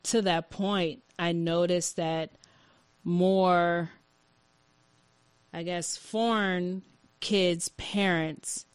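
A woman hosting a casual conversation, speaking haltingly and agreeing often. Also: fairly low pitch, fairly even intonation, smooth, dry recording, rough recording. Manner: halting, agreeable, many short backchannels.

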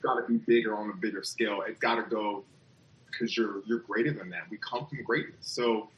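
A man's voice: lowish voice, a little fast, a bit bright, reverberant, lo-fi sound, a little hiss or hum. A man guest on a podcast, telling stories reflectively in casual chat.

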